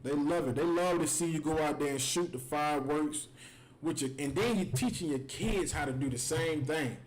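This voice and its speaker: A man's voice: fairly high pitch, moderate pace, rough recording. A man from the United States giving an angry, conversational scripture breakdown on a livestream, filling his talk with "man". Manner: heated, conversational preaching with frequent "man". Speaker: scripture teacher.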